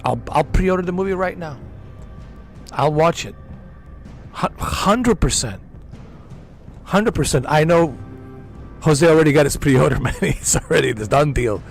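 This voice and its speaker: A man's voice: fairly high pitch, animated, a little slow, vocal fry, long pauses, soft background music. A man streaming a game, chatting casually and enthusiastically, repeating himself and dropping slang like "man" and "dude". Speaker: gaming streamer. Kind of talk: casual chat over gameplay.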